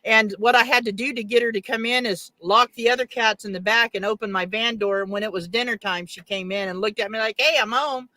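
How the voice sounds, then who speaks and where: Woman guest, animated storyteller, bright voice, dry sound. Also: mid-range voice, fairly quick, hardly any pauses, no room sound. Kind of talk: casual chat.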